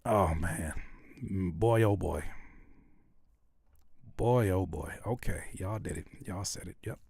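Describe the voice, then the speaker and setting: A man's voice: low voice, takes it slowly, gravelly, darkish tone, breathy edge, dry recording, clean studio sound. A man, a rapper and YouTuber, casually reacting to videos while joking with his chat.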